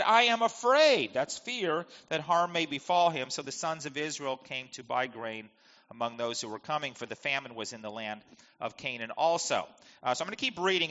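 Here a man with a slightly high, somewhat bright voice works through the Bible verse by verse. He reads each passage, then unpacks it conversationally using rhetorical questions. The audio is lo-fi and dull, carrying a long hall reverb.

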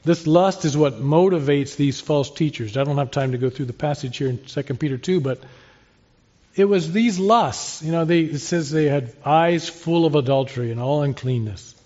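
A man's voice: a little high, normal speed, darkish tone. A man preaching an expository sermon in an earnest, conversational way, asking and answering rhetorical questions. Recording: slightly dull, lo-fi sermon recording.

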